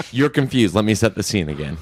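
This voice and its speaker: A man hosting a casual podcast chat, playful and quick to interrupt. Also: fairly low pitch, sing-song, breathy edge.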